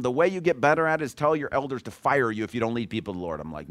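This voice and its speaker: Talking very fast with hardly any pauses, a middle-aged pastor relates a personal story in his sermon, conversational and self-deprecating. His voice is fairly high, sing-song and a bit bright.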